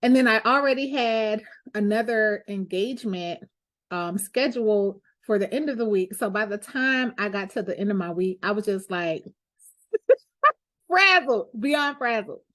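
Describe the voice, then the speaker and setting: A woman's voice: medium pitch, normal speed. A woman, a lawyer hosting her own show, sharing a candid, heartfelt personal reflection in a conversational way.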